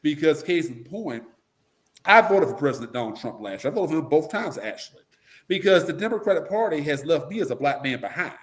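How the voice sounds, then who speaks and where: A man with a fairly high voice talks politics in a blunt, animated way, and now and then breaks into mocking voices to make a point. He speaks as a guest in a casual interview. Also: fairly quick.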